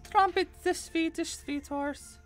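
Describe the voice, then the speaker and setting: A host putting on a squeaky baby seahorse. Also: measured pace, fairly bright tone, soft background music. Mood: cute. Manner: high squeaky sing-song greeting voice. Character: adorable little baby seahorse with a cute accent. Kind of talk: playful voice put on during a crochet livestream.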